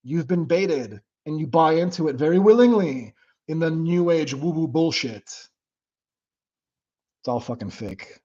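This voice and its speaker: A man hosting his own livestream, chatting casually with viewers in a blunt, profane and animated way. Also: a little high, takes it slowly, lo-fi sound. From United States. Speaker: livestream host. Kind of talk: casual livestream chat reading comments.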